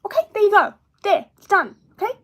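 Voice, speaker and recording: A woman's voice: very high voice, big pitch swings, fast talker. A woman chatting on a live stream from a room at home, rambling, full of restarts and playful tangents. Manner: playful, drifts between topics. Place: indoor room at home with plush toys. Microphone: phone.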